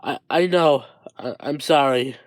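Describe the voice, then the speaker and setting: A man's voice: mid-range voice, unhurried, dry recording, studio quality, lightly acted. A man voicing a stressed, stammering teenage boy hero in a fan-told story. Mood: apologetic. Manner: flustered, apologetic, stammering.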